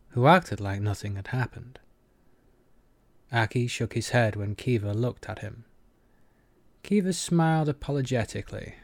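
A man narrating an audiobook in a measured, even manner. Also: medium pitch, no echo.

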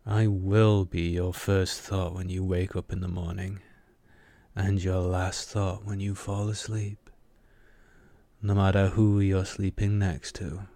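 A man voicing a confident, possessive young man with a velvety, growling baritone that teases and commands. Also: level tone, slow, vocal fry, dark tone, no echo, exaggerated voice. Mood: intense. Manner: teasing, intense, commanding.

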